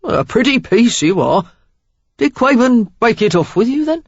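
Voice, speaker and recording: A woman's voice: on the high side, sing-song, measured pace, dry recording, highs cut off, voice pushed up, full character voice. A woman doing a roguish Cockney man. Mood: easy. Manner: breezy, flirtatious, casual slang.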